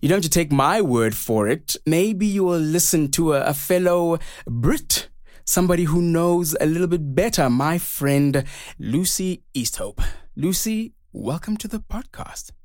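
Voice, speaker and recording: Teasing man co-host, lively voice. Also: fairly high pitch, measured pace, no room sound, clean studio sound. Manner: playful and teasing. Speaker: podcast co-host. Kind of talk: podcast interview, casual chat.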